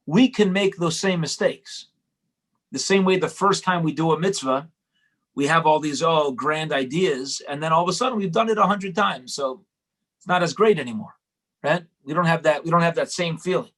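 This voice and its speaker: Male Torah teacher, conversational and repetitive, a touch high-pitched. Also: moderate pace, a bit bright. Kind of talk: storytelling Torah lesson.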